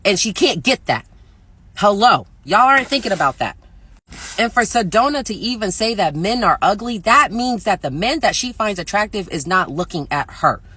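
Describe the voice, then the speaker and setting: A woman ranting bluntly in a reaction video, profane and mocking, sometimes mimicking others in a high sing-song voice. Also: animated, moderate pace, sharp tone, husky. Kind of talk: ranting commentary.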